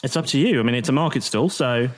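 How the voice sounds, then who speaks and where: A man runs a tabletop game, describing scenes in a halting way with lots of little fillers. His voice is at an ordinary middle pitch, casual and unpolished. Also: lively intonation. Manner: hesitant, full of fillers. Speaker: game master.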